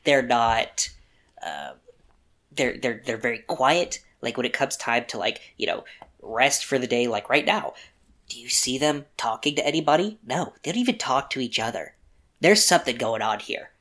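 A shifty wagon driver chats conspiratorially about the strangers in the caravan, as a game master plays him. The voice sounds everyday and mid-pitched. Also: animated, normal speed, fairly bright tone, close to an everyday voice. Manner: chatty, conspiratorial. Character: sneaky male wagon driver, curious and shifty.

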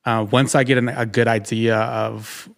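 A man's voice: medium pitch, level tone, moderate pace, vocal fry. A man co-hosting a podcast, talking casually and rambling with lots of fillers while acting out his own thoughts. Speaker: podcast co-host and writer.

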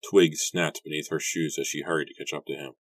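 A man narrates an audiobook in a calm, measured way. His voice is strikingly deep, and the recording is dry and close with no room sound. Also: husky, dry recording. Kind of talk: scripted narration.

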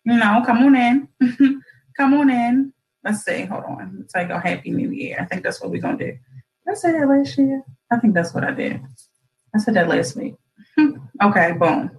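A woman's voice: on the high side, lively intonation, normal speed, long pauses, low-quality recording. A woman hosting an online radio show, talking casually to her listeners with corny jokes and lots of y'all. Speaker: internet radio host. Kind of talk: casual livestream talk show.

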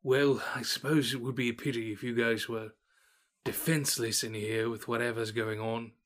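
A man voicing a tall, suspicious male quartermaster who speaks in a measured, dry way. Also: mid-range voice, steady tone, a bit bright, natural voice. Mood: guarded.

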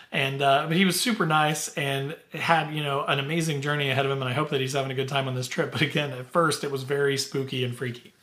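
A man's voice: on the high side, pushed and bright. A middle-aged man hosting his podcast, telling stories casually with lots of fillers and easy laughs. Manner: chatty, filler-heavy, laughs easily. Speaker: podcast host. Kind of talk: casual storytelling.

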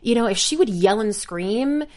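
Brief: young adult woman podcast co-host, wry, opinionated, very lively pitch swings. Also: moderate pace. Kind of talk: casual recap chat.

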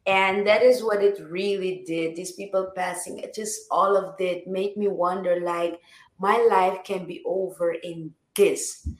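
A woman's voice: on the low side, fairly even intonation, measured pace. Woman guest with a roomy echo. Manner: reflective, repeats words and restarts often. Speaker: singer-songwriter guest. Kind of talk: casual interview chat.

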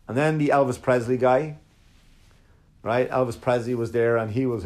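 A man, a comedian, telling a rambling, profanity-laced story in casual conversation, slipping into quick impressions of the people in it. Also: medium pitch, fairly even intonation, darkish tone. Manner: profane, rambling, mimics others in quotes.

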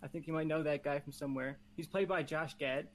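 A man pitching a movie idea on a casual podcast, playful and competitive, rambling through his ideas. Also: steady tone, a little fast. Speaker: podcast panelist. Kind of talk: casual chat.

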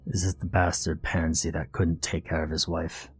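A man voicing a rough, brutish male henchman with a gruff, grunting delivery and a fake cheap-stage London accent. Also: deep voice, flat delivery, normal speed, no echo, voice pushed down. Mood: surly. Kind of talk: storytelling.

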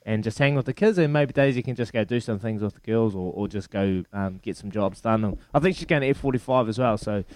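A man's voice: on the low side, fast talker, hardly any pauses, darkish tone. A man in his thirties with a New Zealand accent, chatting casually as a radio guest, laid-back and laughing as he tells stories. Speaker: radio guest, former rugby player. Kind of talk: casual chat.

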